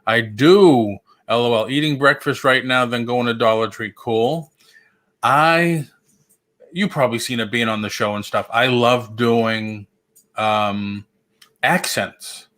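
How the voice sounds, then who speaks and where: A man's voice: mid-range voice, slow pace, fairly bright tone. A man hosting a casual livestream chat, joking and rambling with lots of restarts. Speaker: host.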